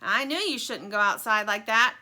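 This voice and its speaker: A woman's voice: high voice, sing-song, fairly quick, bright, forceful tone, pitched above the performer's own voice, full character voice. A woman voicing a timid, fussy female plush stingray, prim and complaining.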